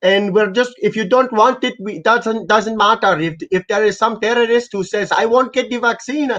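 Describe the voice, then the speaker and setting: A man's voice: high voice, normal speed, a bit bright, pitched above the performer's own voice. A man voicing a scheming, pushy male official on a prank call who keeps saying "my friend", in a raised, put-on voice. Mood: oily, pushy. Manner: ingratiating, repeats "my friend". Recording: lo-fi muffled recording.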